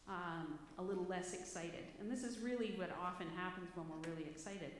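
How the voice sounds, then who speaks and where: A woman's voice: fairly low pitch, a little fast. A woman preacher giving a conversational, storytelling sermon, self-deprecating and chatty, in a church hall. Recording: echoey hall, faint background noise.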